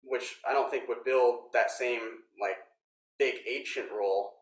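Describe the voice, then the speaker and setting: A man teaching snare drum technique in a workshop, explaining step by step in a relaxed way with frequent ums. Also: mid-range voice, measured pace, recorded from a distance. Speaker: drum instructor. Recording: roomy echo.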